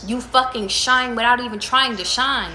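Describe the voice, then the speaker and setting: A woman's voice: fairly high pitch, normal speed, pushed and bright, reverberant. A woman giving casual tarot readings to her viewers, talking emphatically with lots of profanity, repeating and restarting her phrases. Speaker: tarot reader.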